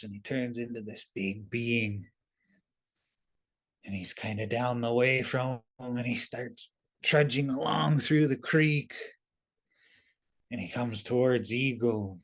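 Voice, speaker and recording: A relaxed man telling a story. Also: medium pitch. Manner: relaxed and conversational, with many fillers like "kinda". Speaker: storyteller and webinar presenter. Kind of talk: casual oral storytelling. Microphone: video call.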